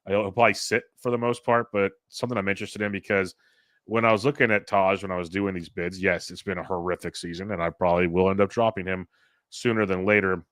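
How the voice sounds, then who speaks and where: A man hosting a fantasy baseball podcast, running through his picks in a relaxed, rambling way. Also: deep voice, fast talker, no room sound, studio quality. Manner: relaxed, rambling stat rundown. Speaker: podcast host. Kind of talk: casual fantasy baseball chat.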